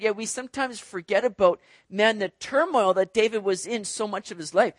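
A man's voice: high-pitched, brisk, hardly any pauses, no echo. A male pastor preaching a conversational sermon, asking the congregation questions as he goes. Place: church sanctuary.

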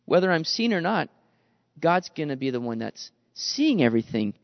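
A man with a high voice preaches a lively, conversational sermon and keeps slipping into the grumbling voices of the people in his story. He talks straight to his listeners and calls them guys. The recording is dry and a little dull. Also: moderate pace, no echo, in a large hall. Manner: animated, acts out quoted grumbling voices. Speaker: pastor. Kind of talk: expository sermon.

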